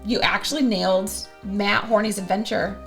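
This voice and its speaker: A woman's voice: mid-range voice, steady tone, normal speed, gravelly, a bit bright, soft background music. A woman co-hosting a whiskey channel, chatting playfully through a tasting and giggling often. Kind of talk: casual whiskey tasting chat.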